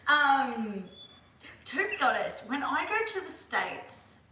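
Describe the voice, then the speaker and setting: A woman's voice: high-pitched, big pitch swings, takes it slowly, pushed and bright, recorded from a distance. A young Australian woman in her twenties, chatting casually on a livestream, reading out viewer questions and laughing often. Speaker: livestream host. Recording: echoey room, voice off-mic.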